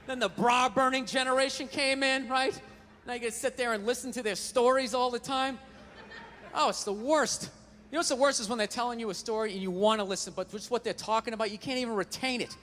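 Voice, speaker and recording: A man's voice: very high voice, a little fast, pushed and bright, big-room sound, slight background noise. A man doing a stand-up routine on a comedy stage, with a profane, ranting delivery into a handheld mic.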